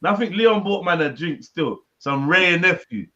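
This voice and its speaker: Loud teasing man on a stream. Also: high-pitched, expressive, normal speed. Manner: loud, laughing, teasing, swears freely. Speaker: livestream host. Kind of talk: casual banter on a livestream. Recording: dull lo-fi stream audio.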